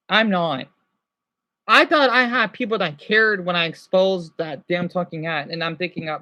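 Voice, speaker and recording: A man's voice: high voice, normal speed, sharp tone, dull audio. A stressed man vlogging, ranting to his viewers in an agitated, rambling way, swearing and then apologizing. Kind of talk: unscripted emotional rant to viewers.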